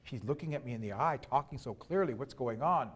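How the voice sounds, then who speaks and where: A man voicing a huge, boastful giant from a village tale who talks in a booming, bossy voice. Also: lively intonation, a little fast, slightly rough. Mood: puzzled mutter.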